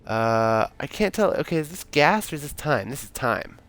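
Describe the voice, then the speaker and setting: A man's voice: mid-range voice, big pitch swings, normal speed, fairly bright tone. A man streaming a story game, reading its narration aloud with casual, wry asides. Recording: faint game music.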